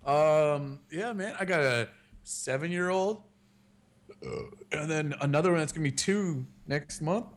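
Male podcast host, thirties, a touch high-pitched, loose, profane storyteller. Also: unhurried. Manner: rambling storyteller, swears freely. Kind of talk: casual chat.

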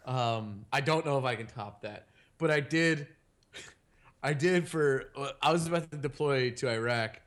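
A man's voice: medium pitch, unhurried, fairly bright tone. A young man co-hosting a podcast, talking in loose, joking banter. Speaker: podcast co-host. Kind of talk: casual chat.

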